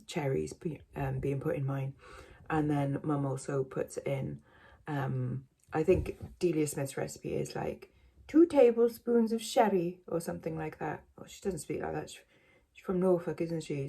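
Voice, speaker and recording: A woman's voice: low voice, creaky, warm tone, husky. A woman vlogging casually from home, rambling and self-mocking, with many fillers. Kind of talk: casual chat to camera.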